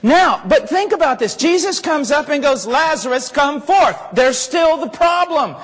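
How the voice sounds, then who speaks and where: A male preacher with a very high voice delivers an animated sermon, acting out little scenes and climbing to shouts at his peaks. His words ring out with the long reverb of a large hall. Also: normal speed.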